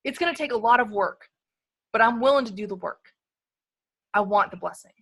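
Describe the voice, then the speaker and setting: A woman on a video call giving an energetic, emphatic motivational sales talk, peppered with "like" and "you guys". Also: a little high, brisk, slightly rough. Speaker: guest speaker on a sales team call.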